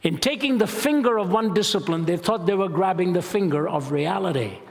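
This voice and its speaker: An older man from India giving an emphatic, deliberate public lecture as a Christian apologist. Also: high voice, animated, gravelly. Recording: long reverb of a large hall.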